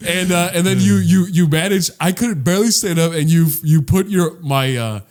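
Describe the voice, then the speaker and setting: A man's voice: sits high, moderate pace, a little mellow. A young man co-hosting a casual podcast, telling a rambling, self-mocking story full of swearing and restarts. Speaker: podcast co-host. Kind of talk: casual chat.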